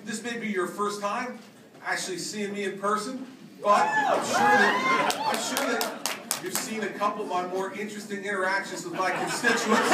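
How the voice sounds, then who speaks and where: A man's voice: high voice, very noisy. A middle-aged man giving a punchy, joking campaign speech from a podium. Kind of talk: political rally speech with anecdotes. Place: large crowded hall. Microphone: podium microphone. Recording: echoey hall, distant mic, loud crowd.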